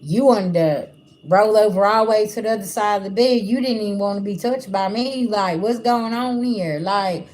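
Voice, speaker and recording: A woman's voice: medium pitch, moderate pace, darkish tone. A woman doing a livestream spiritual reading, talking bluntly and casually to her viewers. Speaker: spiritual reader. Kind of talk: livestream tarot-style reading.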